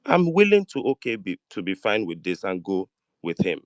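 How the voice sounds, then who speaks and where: A man's voice: low-pitched, huge pitch swings, moderate pace, no room sound. A man with a Nigerian accent in a heated online debate, insistently pressing the same question. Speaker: debate participant.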